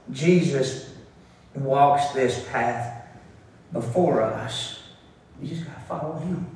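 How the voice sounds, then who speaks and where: A man's voice: mid-range voice, takes it slowly, long pauses, darkish tone. A man preaching a conversational sermon, often repeating words and laughing at his own stories. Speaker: pastor. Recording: echoey room from far off.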